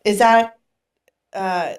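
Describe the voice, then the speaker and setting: A woman hosting a podcast, talking in an animated way and swearing casually. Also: medium pitch, extremely slow, clear, resonant tone. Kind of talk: casual chat.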